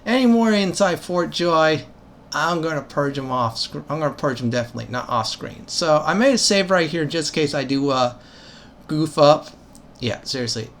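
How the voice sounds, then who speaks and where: A man on a gaming channel talks through his play in a chatty, rambling way, pleased with himself and plainly enjoying it. His voice sits a little high for a man, with a faint hiss of noise behind it. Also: a bit bright. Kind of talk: let's-play game commentary.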